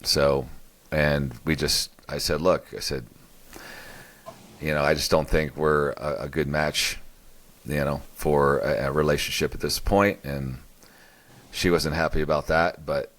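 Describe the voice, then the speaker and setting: A man's voice: extremely low pitch, little pitch movement, a little slow, fairly bright tone. A middle-aged man co-hosting a casual conversation, rambling with many restarts and fillers. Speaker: podcast co-host.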